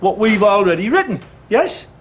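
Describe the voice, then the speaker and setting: Brash Geordie schemer. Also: male voice, high voice, big pitch swings, normal speed, muffled recording. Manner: pushy, wheedling. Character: brash scheming working-class man. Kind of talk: TV drama acting.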